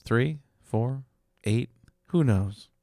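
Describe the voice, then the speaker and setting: A man's voice: mid-range voice, extremely slow, dark tone, no room sound, clean studio sound. A man co-hosting a casual podcast with playful, joking remarks. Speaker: podcast co-host. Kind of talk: casual chat.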